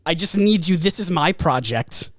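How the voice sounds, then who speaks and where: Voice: medium pitch, lively intonation, moderate pace, no room sound, lightly acted. Player doing a stammering grown son, homebody gardener, pleading, dry close sound. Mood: flustered.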